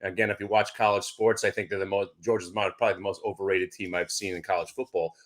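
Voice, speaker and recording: A middle-aged man, a guest on a show, talking about sports bets in a loud, excitable casual chat. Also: low voice, fast talker.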